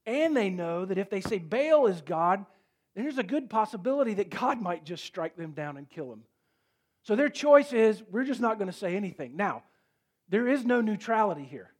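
A man with a high-pitched voice preaching a sermon. He tells the story with animated energy, rising loud and then dropping to a near hush for emphasis. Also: moderate pace. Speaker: pastor.

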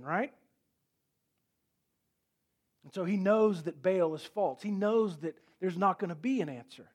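High-voiced man preaching with lively swings. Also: moderate pace, husky. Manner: animated storytelling preaching, drops to quiet for emphasis. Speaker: pastor. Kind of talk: sermon.

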